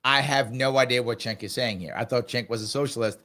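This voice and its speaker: A man's voice: mid-range voice, fairly quick, sharp tone. A middle-aged man from New York hosting live political commentary, emphatic and fond of repeating his points. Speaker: talk show host.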